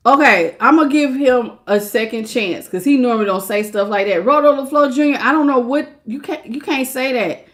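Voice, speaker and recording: A woman's voice: sits high, moderate pace. A woman doing a casual live-stream tarot reading, chatty, greeting viewers by name and laughing often. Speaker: tarot reader.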